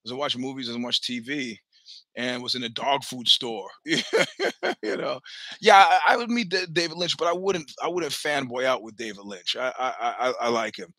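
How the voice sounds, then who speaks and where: A middle-aged man telling profane, animated stories in casual chat, acting out the voices he quotes. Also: mid-range voice, moderate pace, no echo. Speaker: podcast host telling stories. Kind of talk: casual storytelling.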